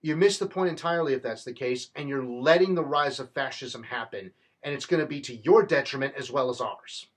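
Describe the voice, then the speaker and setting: A man's voice: mid-range voice, fairly quick, hardly any pauses. A man delivering an impassioned, rallying political monologue in a fervent, rhetorical manner. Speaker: political commentator.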